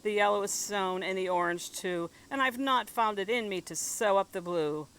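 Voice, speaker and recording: A woman doing a mild, soft-spoken mother. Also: medium pitch, normal speed, smooth, natural voice, rough recording. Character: quiet, mild mother who quilts.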